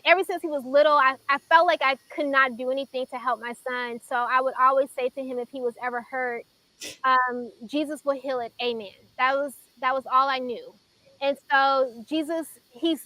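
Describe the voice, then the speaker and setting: A woman in her thirties from Chicago sharing an earnest, emotional personal testimony on a faith talk show, with pauses as she tells it. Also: sits high, sharp tone, no room sound, low-quality recording.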